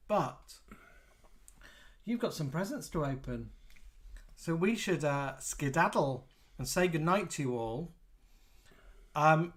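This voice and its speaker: A man hosting a casual live chat show, reading out viewer comments in a chatty way. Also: a little high. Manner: chatty, warm-hearted, reads out messages. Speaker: host.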